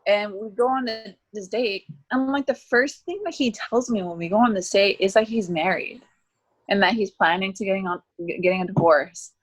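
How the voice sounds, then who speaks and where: A woman's voice: mid-range voice, normal speed. A woman in her twenties, talking casually as an interview guest and saying "like" often. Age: 20s. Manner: chatty, heavy use of "like".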